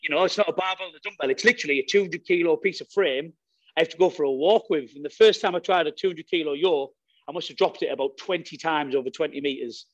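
A man's voice: a little high, quick pace, no echo, lo-fi sound. Brash, sweary man. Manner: energetic, sweary, blunt. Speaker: guest strongman athlete. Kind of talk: casual podcast chat.

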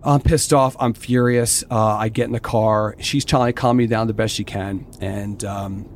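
A middle-aged man telling his own story in a casual interview, candid and animated, cursing freely. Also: fairly low pitch, moderate pace, slight background noise. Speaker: interview guest, distillery owner.

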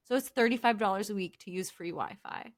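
A young woman with a medium-pitched voice talks a little fast as she co-hosts a casual podcast. She teases her partner and retells stories, filling her speech with lots of "like."

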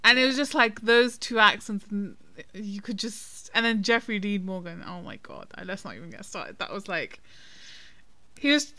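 A woman's voice: medium pitch, sharp tone, dry recording. A woman co-hosting a casual film-review podcast, talking in a chatty, hesitant way with many ums and restarts. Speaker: podcast co-host.

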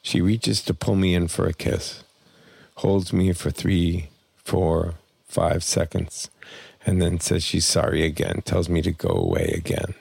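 A man reading a personal memoir aloud in plain, measured first-person storytelling. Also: sits low, level tone, creaky, a little mellow, slightly rough, no room sound. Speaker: memoir narrator.

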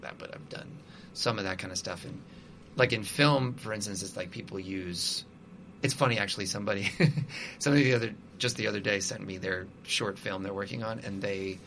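Musician guest, male, bright voice, loose rambling talker full of fillers. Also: fairly low pitch, fairly quick, a little hiss or hum. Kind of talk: casual conversation.

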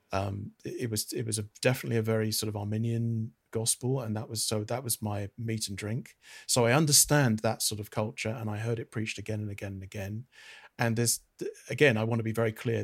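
A British man in middle age speaks earnestly in an interview, pausing and restarting as he reflects. His voice sits low and carries a husky edge. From Britain. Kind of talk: interview answer on theology.

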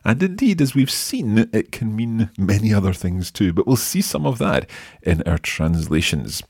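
A man hosting a podcast language lesson, modelling phrases slowly and patiently for a learner. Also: fairly low pitch, very animated, a little mellow, breathy edge, dry recording, studio quality. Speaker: language teacher and host.

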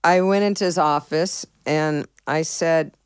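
A woman's voice: sits low, unhurried, clean tone, no echo, studio quality. A middle-aged woman musician, a guest in an interview, telling stories candidly and profanely and acting out both sides of past conversations. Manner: animated, profane, acts out conversations.

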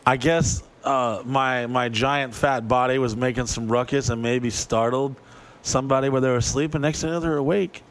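A man telling a crude, profane story on a podcast, animated and acting out the voices of people in it. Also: medium pitch, moderate pace.

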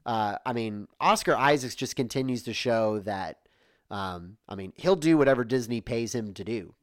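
A man's voice: mid-range voice, animated, moderate pace, no echo, studio quality. A man co-hosting a casual movie podcast, rambling and joking, with a lot of "like" in his talk. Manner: rambling, jokey, heavy use of "like".

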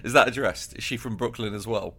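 A young man co-hosting a podcast, building comic theories in casual chat with a laughing, animated manner. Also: on the low side, a little fast, slightly rough. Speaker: podcast co-host.

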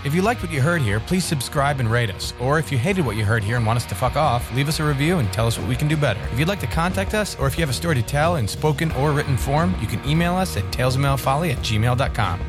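A man's voice: medium pitch, animated. A man, the podcast's producer, casually reading the closing credits and sign-off. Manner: brisk, casual read of credits. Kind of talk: scripted podcast outro. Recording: voice over guitar music.

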